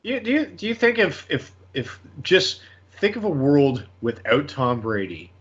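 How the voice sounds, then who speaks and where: A man's voice: a little high, sing-song, unhurried, a bit bright, husky, highs cut off. A man co-hosting a sports podcast who laughs often and stammers in casual chat. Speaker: podcast co-host.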